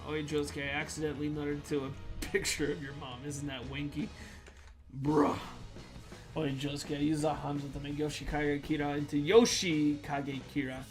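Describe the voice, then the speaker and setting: A man with a somewhat high voice reads viewer jokes on a livestream. His delivery is loud, goofy and joking. Music plays clearly in the background. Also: level tone, moderate pace. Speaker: streamer reading viewer jokes. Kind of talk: comedic reading on a livestream. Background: music playing.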